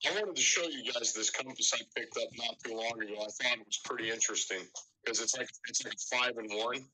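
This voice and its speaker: Deadpan man with a very bright voice. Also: mid-range voice, fairly quick, a little hiss or hum, poor audio. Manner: dry, deadpan humor. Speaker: guest podcaster. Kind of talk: casual live-stream chat.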